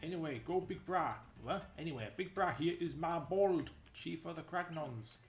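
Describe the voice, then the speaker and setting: A woman's voice: low-pitched, moderate pace, pitched below the performer's own voice, close to an everyday voice. A woman voicing a dim-witted male rock-creature chief who talks in broken grammar and surfer slang, with a made-up Italian-country accent. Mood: boastful. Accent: made-up accent, Italian with a country twang. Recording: echoey room with game music.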